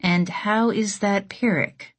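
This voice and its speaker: A woman's voice: mid-range voice, steady tone, takes it slowly. A woman voicing a frank, wry younger sister in an audiobook, speaking in a dry, teasing way. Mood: probing. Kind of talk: audiobook character voice.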